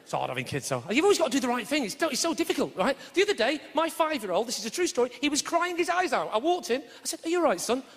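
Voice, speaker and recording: A man's voice: extremely high pitch, sing-song, fast, few pauses, a bit bright. A man performing live stand-up comedy in a theatre, bantering with the audience and tossing in frequent tag questions. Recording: echoey theatre with audience noise.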